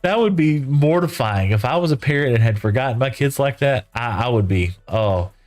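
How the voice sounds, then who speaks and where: A man's voice: medium pitch, animated, a little fast, darkish tone. Middle-aged man, game streamer, chatty folksy storyteller, light music underneath. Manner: folksy, rambling, lots of "you know" and "right?". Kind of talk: casual storytelling while gaming.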